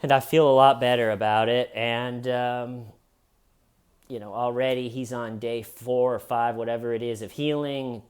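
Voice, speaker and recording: A young man tells a story straight to his viewers in an easygoing way. His voice sits at an ordinary middle pitch. He jumps up in pitch whenever he acts out what someone said. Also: moderate pace, clean tone. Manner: animated retelling, acting out quoted lines with higher pitch. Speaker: vlogger. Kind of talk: casual storytelling to camera.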